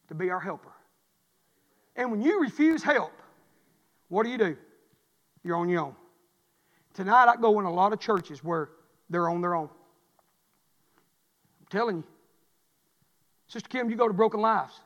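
Male preacher, high tenor, rises to shouts, calls for amens, long church reverb. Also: animated, normal speed, long pauses, dull audio. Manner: builds from quiet to shouting, call-and-response. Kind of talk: revival sermon.

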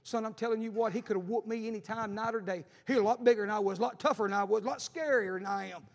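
Middle-aged male pastor, high-pitched, fervent, preaching in a reverberant church. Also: racing, creaky. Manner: fervent, builds to shouting. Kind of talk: sermon. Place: church sanctuary. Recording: long hall reverb.

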